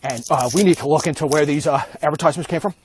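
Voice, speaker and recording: A man voicing a hesitant male investigator who stumbles through a request with many pauses. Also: fairly high pitch, a little hiss or hum, natural voice. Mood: sheepish. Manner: halting, full of "uh"s.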